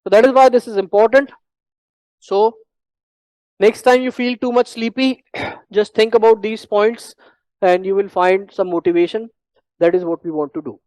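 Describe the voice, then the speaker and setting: A teacher with an Indian English accent giving a classroom lecture on medical exam prep, repeating points emphatically and clearing the throat often. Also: medium pitch, normal speed, long pauses, darkish tone, no echo, poor audio.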